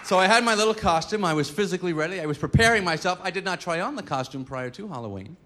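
A man's voice: sits high, expressive, fast, pushed and bright. A man telling a personal story in casual chat, amused and laughing as he goes. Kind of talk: anecdote told in casual chat.

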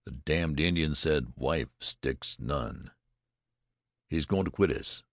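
A man reading a gruff, hot-tempered frontier trapper with a folksy drawl in an audiobook. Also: rumbling low, slow, no echo, studio quality, heavily acted.

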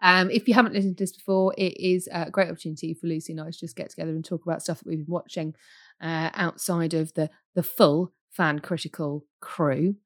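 A woman with a croaky, hoarse voice, hosting a casual podcast chat in a chatty, teasing way. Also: on the low side, steady tone, a little fast. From United Kingdom. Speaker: podcast host.

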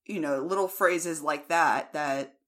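An American woman in casual chat, relaxed and easily amused. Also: low voice, slow. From United States.

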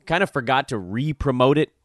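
A male podcast host whose voice is a little hoarse, talking quickly and animatedly with playful asides. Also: mid-range voice, no room sound, studio quality. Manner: animated, quick asides and mock-dramatic openings. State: slightly hoarse. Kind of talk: energetic podcast chat.

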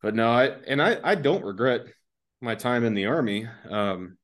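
A man's voice: mid-range voice, expressive, normal speed, fairly bright tone. A man from the United States, a podcast guest and army veteran, telling a rambling, laid-back story and laughing along as he goes. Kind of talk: casual anecdotal storytelling.

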